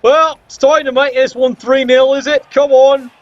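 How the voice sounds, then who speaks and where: A man's voice: very high voice, moderate pace, lo-fi sound. Wry man commentating a match. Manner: wry, sarcastic, excitable. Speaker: game commentator. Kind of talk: casual play-by-play commentary.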